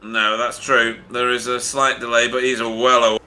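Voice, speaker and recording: A man giving casual, joking sim racing commentary with many filler sounds, relaxed and chatty. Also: medium pitch, normal speed, low-quality recording. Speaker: race commentator.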